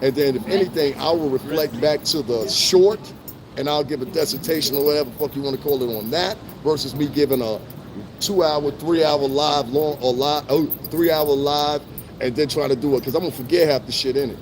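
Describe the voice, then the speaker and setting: A man's voice: fairly high pitch, brisk, background noise. A middle-aged man chatting loosely to his live-stream viewers on a city street, full of swearing and laughter. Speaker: livestream host.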